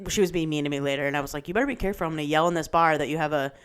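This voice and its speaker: A woman's voice: deep voice, rapid-fire, a little hiss or hum. A woman in her thirties co-hosting a podcast, telling stories casually and acting out what other people said, with plenty of swearing. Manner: profane storyteller who acts out quotes. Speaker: podcast co-host. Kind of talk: casual chat.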